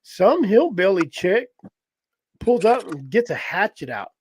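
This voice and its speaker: A man with a high-pitched, unhurried voice and a breathy edge recounts a story as a podcast host in casual chat. He's lively, laughs often, and voices each person's quotes as he goes.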